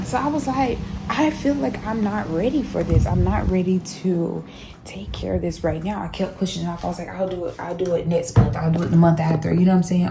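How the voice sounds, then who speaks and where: A woman's voice: fairly low pitch, noisy background. A woman vlogger chatting straight to her viewers from her home kitchen. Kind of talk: casual talk to the camera. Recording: echoey room.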